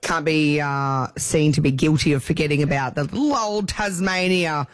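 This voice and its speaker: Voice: mid-range voice, moderate pace, over music. A breakfast radio co-host in chatty, rambling banter.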